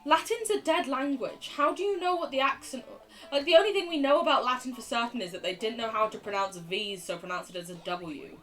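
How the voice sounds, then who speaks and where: Young woman streamer, lively and sweary, casual let's-play chat over quiet game music. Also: on the high side, brisk, far from the mic. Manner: jokey, swears freely, reacts out loud.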